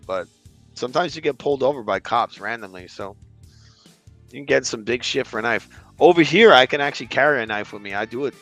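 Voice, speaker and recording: A man's voice: on the low side, fairly bright tone. A man from Brooklyn talking as a podcast guest in casual chat, blunt and profane, in long run-on stretches. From Brooklyn, New York.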